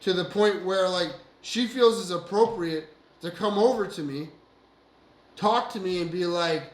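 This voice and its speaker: This podcast co-host has a voice that sits high and a measured delivery. Telling a lively story among friends on a casual show, he swears, laughs, and performs other people's lines, all with a roomy echo in the recording.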